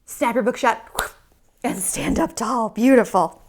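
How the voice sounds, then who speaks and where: A woman from Michigan teaching yoga to young children, playful and animated as she talks to small kids. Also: fairly high pitch, measured pace, a little hiss or hum.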